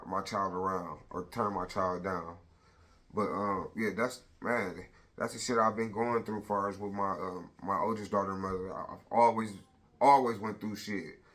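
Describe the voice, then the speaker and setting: A man's voice: lowish voice, fairly bright tone. A man in his thirties telling a personal story on a casual vlog, blunt and profane, retelling it with lots of energy.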